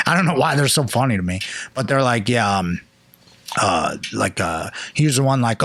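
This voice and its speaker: A man's voice: mid-range voice, lively intonation, moderate pace, fairly bright tone, no echo. A man hosting a podcast in casual chat, rambling and acting out quoted characters as he tells stories. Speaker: podcast host.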